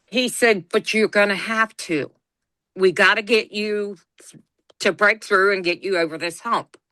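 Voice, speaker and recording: A middle-aged woman co-hosting a podcast tells a personal story in an unhurried, medium-pitched voice, animatedly acting out the quoted lines as she goes. The recording is dry.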